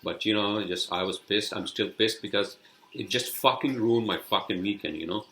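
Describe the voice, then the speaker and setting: A man's voice: lowish voice, normal speed, sharp tone, echoey room. A man hosting a solo podcast, ranting angrily with heavy swearing and rambling restarts. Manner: angry, profane, rambling. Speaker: podcast host.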